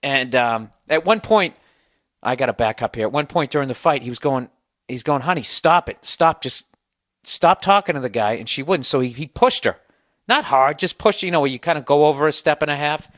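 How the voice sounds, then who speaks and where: A man's voice: mid-range voice, animated, fairly quick, fairly bright tone, no echo, clean studio sound. Ranting man with a sore throat. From United States. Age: 40s. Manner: profane, ranting, sarcastic storytelling. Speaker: podcast host. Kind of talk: casual comedic monologue.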